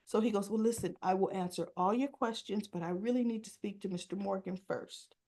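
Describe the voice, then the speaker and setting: A woman's voice: mid-range voice, a little fast, dark tone. A woman hosting a casual soap opera recap, chatting and acting out the characters' lines with asides.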